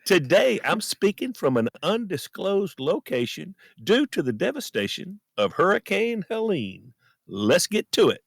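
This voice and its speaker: Brief: male podcast host, folksy earnest storyteller, animated, bone-dry closet sound. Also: high voice, a little slow, gravelly, breathy edge, no room sound. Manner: earnest, folksy, self-deprecating. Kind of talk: personal storytelling monologue. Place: friend's closet at home.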